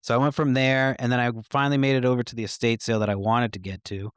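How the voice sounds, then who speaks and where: A man's voice: medium pitch, level tone, fast, clear, resonant tone, dry recording, studio quality. A man hosting a podcast, telling stories in a casual, rambling way, swearing freely and chuckling often. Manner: profane, laid-back, with frequent fillers and chuckles. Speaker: podcast host.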